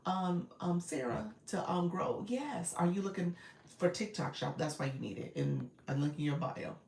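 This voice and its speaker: A woman's voice: fairly low pitch, moderate pace, creaky, a little mellow, slight background noise. A woman, coaching casually on a live stream, reading viewer comments, laughing often and calling her audience y'all. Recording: roomy echo, a bit far from the mic.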